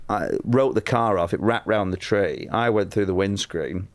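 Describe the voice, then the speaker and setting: A man's voice: on the low side, normal speed, hardly any pauses, no room sound. A man, a comedian telling a rambling, self-mocking story as a podcast guest, laughing often. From Lancashire, England. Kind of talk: casual anecdote telling.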